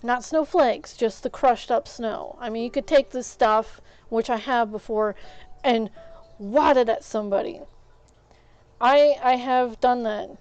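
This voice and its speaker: A woman's voice: on the high side, a little slow, a little mellow, clear, resonant tone. A woman streamer venting in a casual rant, indignant and full of fillers and restarts.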